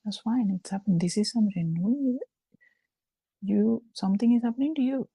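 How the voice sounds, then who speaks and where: A woman giving a slow, halting Buddhist dharma talk over a video call, with frequent fillers. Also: on the high side, warm tone, husky, no echo, rough recording. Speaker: Buddhist teacher.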